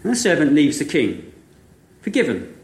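A man preaching a sermon, retelling a parable with vivid, animated storytelling and frequent rhetorical questions. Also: fairly high pitch, normal speed. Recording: echoey room.

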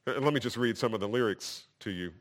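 A man's voice: fairly low pitch, fast. A man preaching a sermon. He reads verses with rising fervor and explains them in a conversational aside. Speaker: pastor.

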